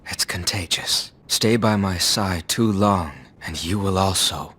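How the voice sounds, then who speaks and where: An actor playing a regal, dying male ant king in an anime dub, speaking in a deep, grave, slow voice. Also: background noise. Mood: somber.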